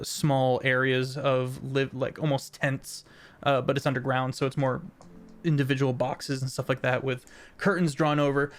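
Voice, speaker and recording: A man narrating a tabletop role-playing game as game master, halting with many fillers. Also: mid-range voice.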